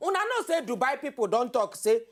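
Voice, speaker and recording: A woman hosting a late-night comedy show in a Nigerian Pidgin accent. She teases and jokes in a bright voice that rides up and down. Her delivery stays playful and animated throughout. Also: sits high, fairly quick. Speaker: talk show host. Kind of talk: comic banter in Pidgin.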